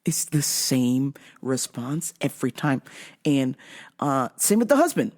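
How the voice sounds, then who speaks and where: A woman hosting a podcast, telling a comic story in an animated, profane way and laughing often. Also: a bass voice, measured pace. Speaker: podcast host. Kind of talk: casual comedic storytelling.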